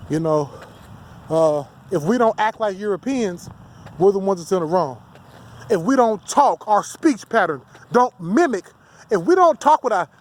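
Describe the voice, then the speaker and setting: A man's voice: high voice, a little mellow, a little hiss or hum. A man delivering a heated, profane, rambling rant as a solo vlogger. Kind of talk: ranting monologue to camera.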